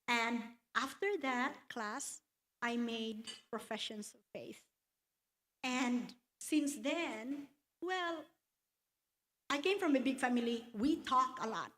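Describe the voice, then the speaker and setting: Slow, earnest woman giving a testimony. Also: on the high side, a bit bright. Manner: slow, earnest storytelling with quoted scripture. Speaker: testimony speaker at church luncheon. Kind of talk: personal testimony. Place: church hall.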